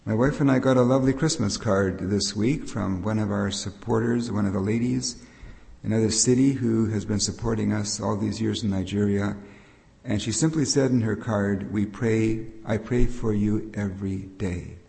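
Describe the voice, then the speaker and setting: A man's voice: fairly low pitch, moderate pace, vocal fry, a little mellow. An older man giving a patient, explanatory Bible teaching sermon as a preacher. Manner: explanatory, patient, with frequent restarts. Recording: long reverb of a hall.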